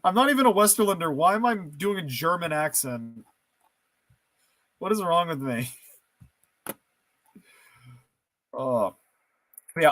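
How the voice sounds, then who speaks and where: A man's voice: on the high side, fairly bright tone, dry recording. A man giving casual let's-play commentary, thinking aloud and joking at his own expense as he makes choices in a strategy game. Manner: thinking aloud, self-mocking, playful. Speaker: gameplay streamer.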